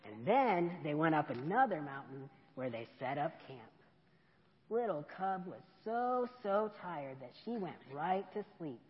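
A woman reading a picture book to children in a lilting, expressive voice that rises and falls a lot, on the low side. The sound is dull and lo-fi, with a long church-hall reverb. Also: measured pace. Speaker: storyteller dressed as an elf.

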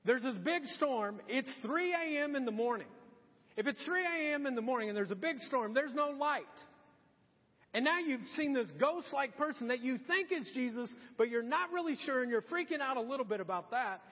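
A man delivers a sermon as pastor, his voice pitched very high with a husky edge. He tells the story with animated energy and acts out each quote. The sound is muffled and lo-fi, with a long reverb from the church hall. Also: moderate pace. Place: church sanctuary.

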